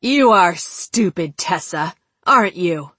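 A woman's voice: on the high side, very animated, drawn-out words, pushed and bright, no room sound, full character voice. A woman voicing a deranged male killer who taunts in a childlike sing-song voice. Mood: sneering.

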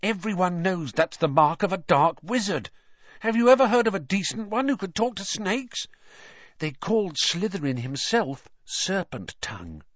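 A nervous, stubborn young wizard, put on by a man, speaks in a raised, lively voice, solemn and conspiratorial, with his voice dropping to a hush. The storybook recording is dry and a little muffled. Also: sits high, moderate pace, dry recording, pitched above the performer's own voice. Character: fearful, stubborn pure-blood schoolboy wizard. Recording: dry, slightly muffled audio.

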